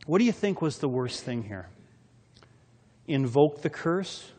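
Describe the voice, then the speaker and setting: A man preaching a sermon, reading scripture aloud and explaining it, with his loudness rising and falling dramatically. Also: medium pitch, animated, measured pace, long reverb tail. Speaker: pastor.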